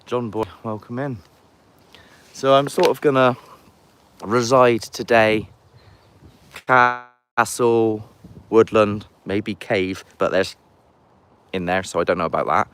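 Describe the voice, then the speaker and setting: A man's voice: fairly low pitch, fairly even intonation, takes it slowly, pauses often, a bit bright, slight background noise. A man chatting casually on a live stream outdoors by a castle, rambling and greeting viewers as he walks. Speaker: paranormal investigator streaming live.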